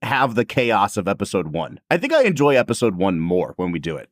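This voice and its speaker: Man, podcast co-host, upbeat explainer, lively pitch, dry close sound. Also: fairly quick, no echo. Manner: upbeat, explains things to listeners. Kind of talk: casual podcast chat.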